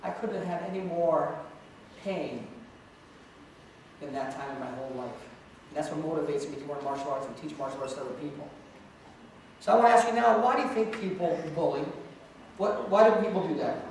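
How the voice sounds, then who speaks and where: High-voiced man in an echoey hall. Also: a little fast, pauses often, darkish tone. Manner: storytelling, joking with the audience, calling out questions to students. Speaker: anti-bullying speaker and martial arts teacher. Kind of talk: school assembly talk. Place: large echoey school hall with student audience. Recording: echoey hall from far off, faint noise.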